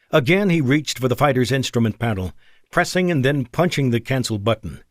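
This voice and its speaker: A male audiobook narrator reading a thriller in a measured, expressive way. His pitch moves a lot within mid range, and the recording is dry and close with no room sound. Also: no room sound.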